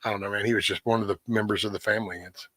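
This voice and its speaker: A middle-aged man talks in a relaxed, meandering way to his viewers, full of folksy asides and casual swearing. His voice sits low, and the sound is close and dry with no room around it. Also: racing, no echo. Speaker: host of a morning livestream. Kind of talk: casual morning chat with viewers.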